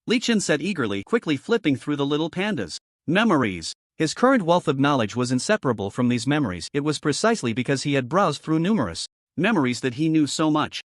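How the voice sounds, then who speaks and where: A man's voice: a little high, sing-song, a little fast, no room sound, studio quality. A man narrating a fantasy story in a dramatic, scripted way.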